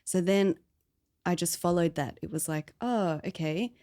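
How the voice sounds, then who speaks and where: A woman's voice: lowish voice, steady tone, moderate pace, warm tone. A woman, the founder of a podcast, chatting casually about her story in a rambling way full of fillers. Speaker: podcast founder being interviewed.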